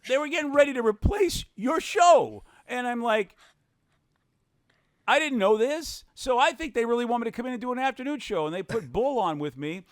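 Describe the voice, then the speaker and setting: A man, a radio broadcaster, telling stories in casual podcast talk, animated, acting out quotes and laughing often. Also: fairly quick, hardly any pauses, dry recording. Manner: animated, acts out quotes with big pitch swings, laughs often.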